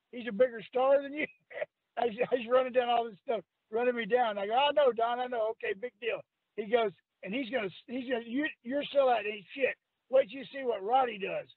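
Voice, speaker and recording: An older man, telling rough, salty wrestling-road stories on a radio podcast, often breaking into laughter. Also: high-pitched, dry recording. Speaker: guest, retired wrestler. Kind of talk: storytelling on a call-in radio podcast. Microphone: phone line. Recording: tinny phone line, dry.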